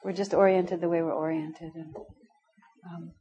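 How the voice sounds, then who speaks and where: A middle-aged woman gives an informal spiritual class. She tells stories candidly, and her lowish voice often breaks into laughter. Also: flat delivery, moderate pace, warm tone, highs cut off. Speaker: spiritual teacher.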